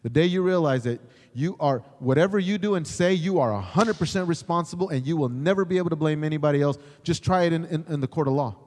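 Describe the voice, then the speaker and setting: A middle-aged man, a chaplain, teaching in a sermon style, animated, acting out the voices he quotes. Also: fairly high pitch, fast talker, in a large hall. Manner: animated, acts out quoted voices, repeats words when starting. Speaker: chaplain and pastor.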